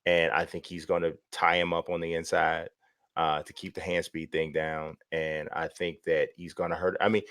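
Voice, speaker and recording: A man with a low voice talks boxing in a loose, rambling way, cutting himself off and starting again. He laughs easily. The sound is close and dry, with almost no room around it. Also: flat delivery, normal speed, fairly bright tone, no room sound. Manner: rambling, laughs a lot, self-interrupting. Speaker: boxing podcast co-host. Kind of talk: casual sports chat.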